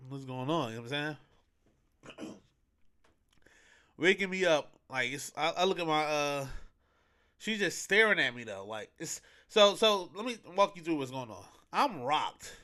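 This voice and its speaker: A man's voice: fairly high pitch, big pitch swings, measured pace, pauses often, pushed and bright. A young man hosting a podcast, telling a personal story in casual, slangy, rambling talk full of fillers. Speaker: podcast host.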